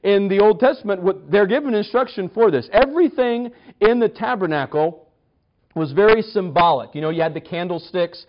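A man's voice: high-pitched, brisk. A man teaching a conversational Bible study, chatty, with wry humor and frequent restarts. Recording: slightly dull lo-fi recording.

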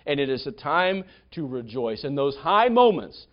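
A man's voice: medium pitch, big pitch swings, moderate pace, lo-fi sound. A man preaching a sermon as pastor, telling the story in a conversational way with frequent restarts.

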